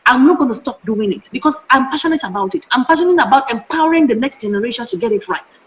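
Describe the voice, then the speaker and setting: A woman's voice: on the high side, animated, quick pace. A middle-aged Nigerian woman, a parenting educator, speaking passionately in an interview and firing off emphatic rhetorical questions. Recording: echoey room.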